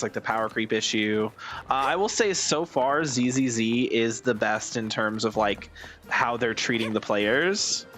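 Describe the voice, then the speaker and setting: A man's voice: on the low side, fairly bright tone. A man streaming a game, chatting casually in a rambling, wry way with lots of fillers. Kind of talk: casual gaming commentary.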